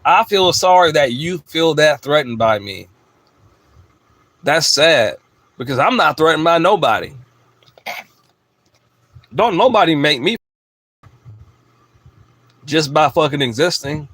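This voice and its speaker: A man's voice: a little high, animated, slow, long pauses, a bit bright, no room sound. A man delivering a blunt, profane, emphatic ranting monologue as a video host.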